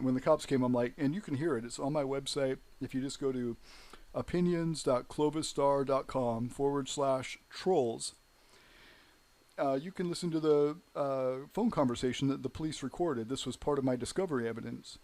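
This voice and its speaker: A man's voice: mid-range voice, moderate pace, darkish tone. A man hosting his own show, telling a story in a rambling, heated monologue full of "you know". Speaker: show host.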